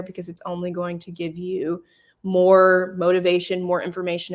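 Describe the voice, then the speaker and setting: A young adult woman walks an audience through advice in a relaxed webinar. Her voice sits a little low for a woman. She talks casually, leaning on "um" as she gathers her thoughts. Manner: casual, filler-heavy explaining with frequent "um". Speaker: ad network support manager. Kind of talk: webinar presentation.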